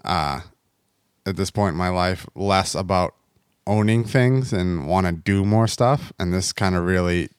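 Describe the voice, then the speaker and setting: Low-voiced rambling American man. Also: measured pace, clear, resonant tone, dry recording, studio quality. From United States. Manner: rambling, heavy on fillers like "you know what I mean". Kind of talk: casual podcast chat.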